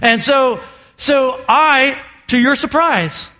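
High, bright-voiced joking preacher man. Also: slow. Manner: animated, joking, calls for amens. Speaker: pastor. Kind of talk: sermon. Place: church auditorium with congregation.

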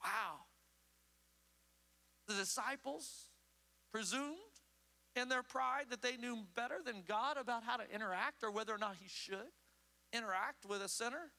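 A man preaching a sermon as pastor, emphatic, swinging between loud urgent calls and low hushed asides. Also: normal speed, gravelly, pauses often. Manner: emphatic preaching with sweeping pitch swings and acted quotes. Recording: long hall reverb.

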